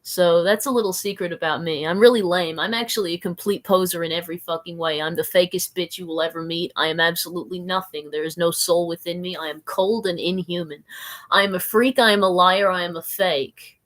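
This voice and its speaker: Rambling, giggly woman with a lowish voice. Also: steady tone, brisk, few pauses. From Southern United States. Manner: rambling, stream-of-consciousness, giggly, self-mocking. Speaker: live streamer. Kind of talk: rambling live-stream chat, reading viewer comments.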